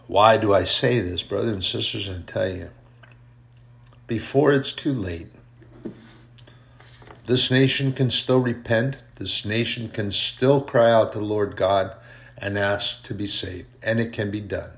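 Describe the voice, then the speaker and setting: A male preacher delivering a fervent podcast sermon, hammering home his points by repeating them. His voice is low, and he talks slowly and deliberately. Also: creaky. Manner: fervent, repetitive emphasis.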